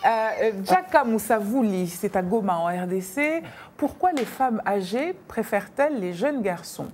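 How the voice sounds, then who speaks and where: A woman co-hosting a bilingual talk show in a lively, teasing way, and she laughs easily. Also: mid-range voice, normal speed, a little hiss or hum. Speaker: co-host.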